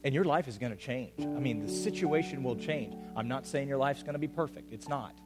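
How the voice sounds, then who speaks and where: A man preaching a sermon as pastor to a congregation, swinging between loud urgent calls and quiet, intimate asides. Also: mid-range voice, fairly quick, over loud music. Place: church hall with an audience.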